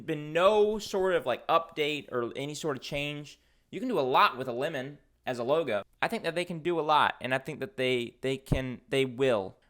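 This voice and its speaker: A man hosting a casual video, talking in an excitable, jokey way with frequent laughs and rambling asides. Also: a little high. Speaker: video host ranking food mascots. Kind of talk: casual commentary.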